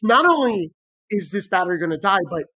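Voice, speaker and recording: A woman's voice: medium pitch, brisk. A woman tells a story on a casual podcast, voicing each quote with gusto and plenty of swearing. Her voice sits in a middle register. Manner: animated, acts out quotes, swears freely. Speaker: podcast co-host.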